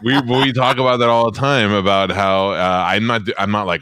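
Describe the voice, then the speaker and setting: A man's voice: low voice, a little fast, few pauses, sharp tone, dry recording, studio quality. A man hosting a podcast, blunt in his questions and stammering through restarts. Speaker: podcast host. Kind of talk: casual podcast chat.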